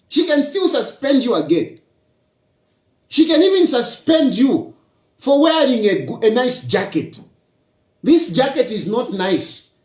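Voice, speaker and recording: Zambian man lecturing, lively pitch. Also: reverberant. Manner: lecturing with rhetorical questions. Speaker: politician. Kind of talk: public political address.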